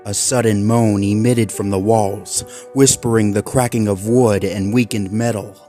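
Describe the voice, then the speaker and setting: A man's voice: fairly low pitch, fairly even intonation, a little slow. Man narrating a creepy story. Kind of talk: horror story reading. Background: faint background music.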